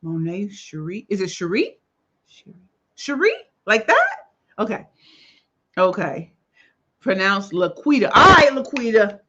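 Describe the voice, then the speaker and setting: A woman hosting a casual livestream, greeting viewers by name in a lively, slangy way and sounding a little tired. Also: medium pitch, unhurried, long pauses, dull audio. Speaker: livestream host.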